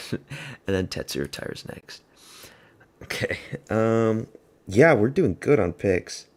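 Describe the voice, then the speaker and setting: A man's voice: lowish voice, lively intonation, slow, a little mellow. A man giving casual, rambling live reaction commentary at a fight watch party, blunt and offhand. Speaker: MMA fan host of a watch party stream.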